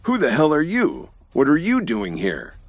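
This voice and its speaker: A man's voice: a little high, huge pitch swings, moderate pace, no echo, faint music behind, voice pushed up, heavily acted. A man voicing an impatient, hot-tempered crime lord who roars his questions. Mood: roaring. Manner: roaring, impatient.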